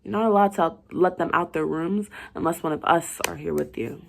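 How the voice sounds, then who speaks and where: A woman's voice: lowish voice, a little fast, creaky, slight background noise. A woman voicing a young male hospital worker who talks in an urgent, fussing way. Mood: cautioning.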